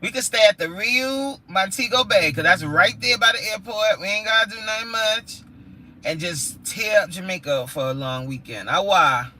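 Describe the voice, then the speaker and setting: A woman's voice: mid-range voice, pushed and bright. A woman hosting a casual livestream from her car, chatting with viewers, exclaiming and reading their comments aloud. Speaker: livestream host.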